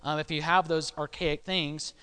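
A man's voice: fairly high pitch, flat delivery, moderate pace, pushed and bright, smooth, long reverb tail. A man preaching a sermon in a conversational way, often checking in with his listeners. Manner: conversational, frequent "okay?" check-ins.

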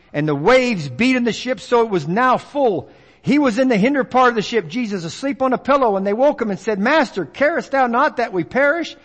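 A man preaching a folksy sermon, acting out the voices of others. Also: very high voice. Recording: long reverb of a large hall.

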